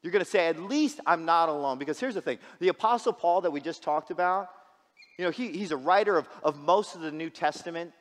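A man's voice: high-pitched, quick pace, long reverb tail. A man preaching a sermon as a guest pastor, casual and joking, often repeating words as he restarts. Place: church sanctuary.

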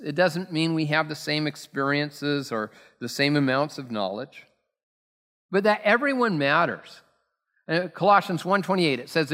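On the high side and fairly bright, a man's voice delivers a sermon as pastor in a church sanctuary. He tells stories in a casual, self-mocking manner with many fillers, and the hall's long reverb is audible.

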